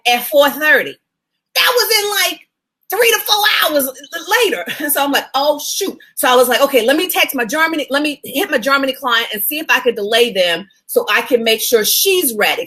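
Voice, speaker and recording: A woman's voice: a little high, bright, forceful tone. A woman media coach chatting casually to her viewers, greeting them by name as she tells a story. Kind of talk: casual live video chat. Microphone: phone.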